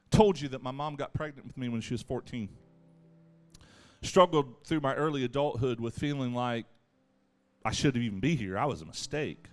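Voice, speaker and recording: A man preaching a sermon in an animated way, acting out voices as he goes. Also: mid-range voice, brisk. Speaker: pastor.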